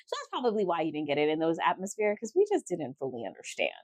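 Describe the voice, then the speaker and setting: A woman's voice: on the low side, huge pitch swings, fast talker, darkish tone, no room sound, clean studio sound. A woman co-hosting a podcast in casual chat, talking candidly and chattily with playful asides. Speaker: podcast co-host.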